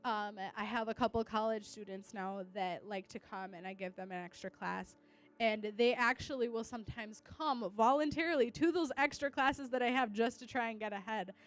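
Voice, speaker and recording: Her pitch fairly high and her speed normal, a young teacher chats to a church gathering about the kids she teaches. The testimony is casual, loaded with "like," with Spanish words mixed in.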